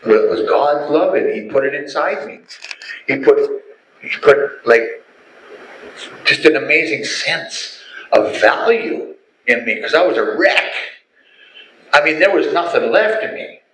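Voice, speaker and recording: A middle-aged man tells his personal testimony as an animated storyteller who acts out the voices. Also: on the high side, measured pace, pauses often, a little hiss or hum. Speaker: testimony speaker. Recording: echoey room, faint ambience.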